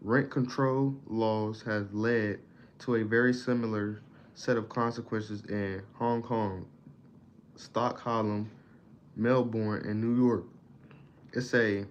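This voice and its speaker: A man reading a book aloud in a casual study session, stumbling over words and stopping to explain them in plain slang. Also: lowish voice. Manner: reads haltingly, stumbles on words, pauses to define them in slang. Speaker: self-taught reader explaining a book. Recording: dull lo-fi audio, faint background noise.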